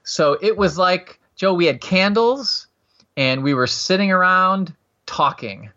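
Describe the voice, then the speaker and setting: A man chatting casually and telling long stories, full of restarts, acting out quotes in a higher voice. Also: expressive, measured pace, bright, forceful tone. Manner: rambling storyteller, acts out quotes in a higher voice. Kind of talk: casual chat. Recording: muffled, lo-fi sound.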